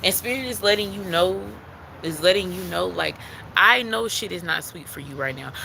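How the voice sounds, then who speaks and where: A man's voice: sits high, normal speed, vocal fry, sharp tone, slight background noise, low-quality recording. A man giving a live-streamed spiritual tarot card reading, talking in an earnest, repetitive way that leans on emphasis like a preacher.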